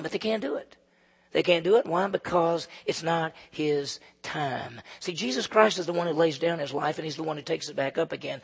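A man preaching a conversational, emphatic sermon as pastor, swinging between loud and soft. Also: a little high, moderate pace, vocal fry, husky. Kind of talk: expository sermon. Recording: long hall reverb.

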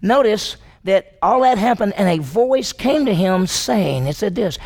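A pastor delivers a sermon in a gravelly, mid-pitched voice. The telling is vivid and dramatized, with frequent questions put straight to the congregation. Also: big pitch swings, normal speed, hardly any pauses, a little mellow. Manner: storytelling, acting out the dialogue; emphatic, asks the congregation questions.

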